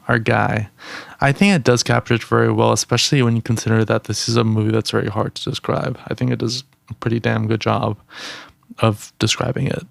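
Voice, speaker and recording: Very gravelly man hosting a podcast. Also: medium pitch, no echo, clean studio sound. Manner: upbeat, teasing, reads notes aloud. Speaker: podcast co-host. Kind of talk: casual chat.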